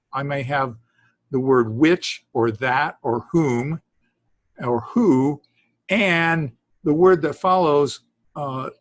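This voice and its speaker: Slow, rambling male Greek teacher. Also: mid-range voice, no room sound. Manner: rambling, self-interrupting, with chuckles. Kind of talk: classroom lesson. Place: class with students in the room.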